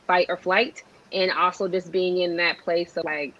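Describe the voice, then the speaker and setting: Young woman talking news, earnest, lotta ums, lowish voice, dull lo-fi audio. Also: steady tone, moderate pace, a bit bright. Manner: earnest, hesitant, lots of "um" and "like". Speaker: co-host. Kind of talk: casual news discussion.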